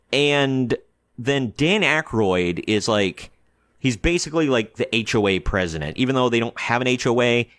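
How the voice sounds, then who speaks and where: A man's voice: medium pitch, no echo, studio quality. Exasperated man ranting about a movie. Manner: animated, exasperated ranting with many fillers; acts out quoted characters in short bursts. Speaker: movie reviewer. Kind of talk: casual film commentary.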